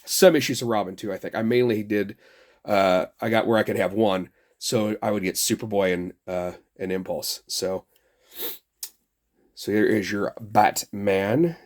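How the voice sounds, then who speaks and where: A man's voice: lowish voice, steady tone, unhurried. A middle-aged man hosting a toy review, talking in a rambling, sarcastic and heavily profane way. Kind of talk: casual ranting review.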